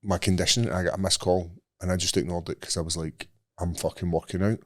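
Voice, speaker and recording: A man's voice: deep voice, fast talker. A man with a Scottish accent, hosting a podcast and telling a story with lots of swearing. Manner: animated storytelling, sweary, acts out voices. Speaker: podcast host. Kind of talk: casual chat.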